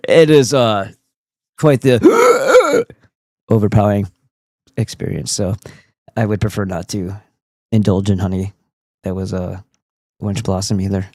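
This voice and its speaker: A man's voice: fairly low pitch, sing-song, a little slow, long pauses, darkish tone, no echo. A man hosting a casual livestream, talking in a goofy, profane and rambling way. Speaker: streamer host.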